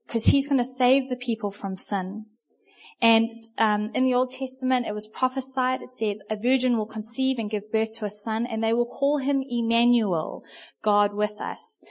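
Woman preacher, chatty storytelling sermon, fairly high voice, dull lo-fi sound. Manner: conversational, animated storytelling with many fillers. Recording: muffled lo-fi recording.

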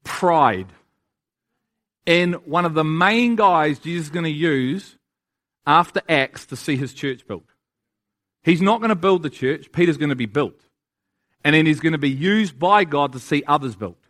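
Male preacher, high pitch, emphatic sermon delivery that keeps asking the listeners questions. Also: expressive, moderate pace, a bit bright. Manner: emphatic, asks the audience rhetorical questions.

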